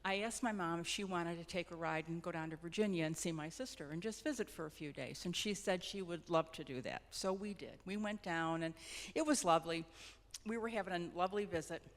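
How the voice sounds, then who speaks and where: A middle-aged woman, a hospice nurse, telling personal stories in a gentle, reflective, sometimes halting way. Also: fairly low pitch. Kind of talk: personal storytelling talk. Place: church hall. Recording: long hall reverb.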